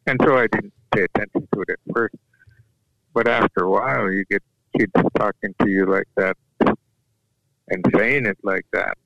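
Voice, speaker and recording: A man whose first language is Yup'ik, telling a personal story in an unhurried, halting way, often restarting his sentences. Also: lowish voice, steady tone, creaky, a bit bright, dry recording. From Alaska. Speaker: guest sharing a personal story. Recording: dull lo-fi dry recording.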